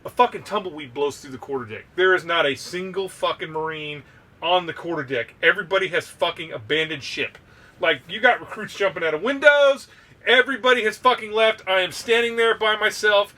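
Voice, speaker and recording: A man co-hosting a podcast, telling a story in a loose, profane, animated way. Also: high voice, a little fast, recorded from a distance. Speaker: podcast co-host. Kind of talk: casual storytelling.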